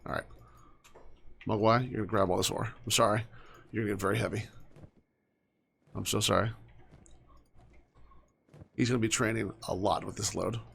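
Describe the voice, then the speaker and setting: A young man giving casual commentary while he plays a game, chatting to his characters and often dropping to soft mutters. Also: on the low side, steady tone, moderate pace, gravelly, long pauses, husky. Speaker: gaming streamer.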